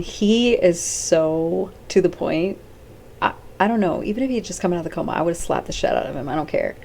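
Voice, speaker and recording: A woman's voice: on the low side, vocal fry, darkish tone, a little hiss or hum. A woman hosting her own video, rambling off the cuff and acting out characters' lines, blunt and swearing casually. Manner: rambling, chatty, acts out characters' lines with "she's like". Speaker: host.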